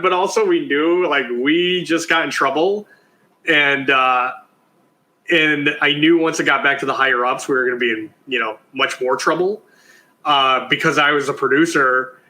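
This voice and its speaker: A man's voice: a little high, low-quality recording. A man, a TV producer, telling a story in a casual interview, acting out other people's lines with lots of "like". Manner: animated storyteller, acts out quotes; casual, many fillers like "like".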